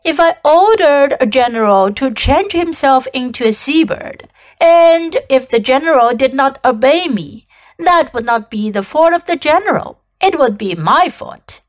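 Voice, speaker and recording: A woman's voice: high-pitched, animated, measured pace. A woman reading aloud and voicing a proud, commanding old king who gives orders in a pompous manner. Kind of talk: storybook read-aloud.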